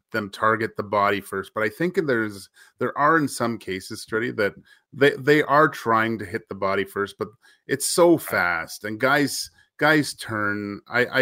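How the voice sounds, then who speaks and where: A man co-hosting a hockey podcast, speaking haltingly with many repeated words. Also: lowish voice, pushed and bright, dry recording, studio quality. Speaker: podcast co-host, former player. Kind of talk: casual sports talk.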